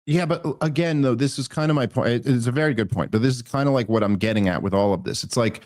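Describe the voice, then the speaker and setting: A man hosting a political podcast, talking in an animated, indignant way and often restarting his sentences. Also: mid-range voice, quick pace, no room sound, clean studio sound. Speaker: podcast host. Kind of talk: political commentary chat.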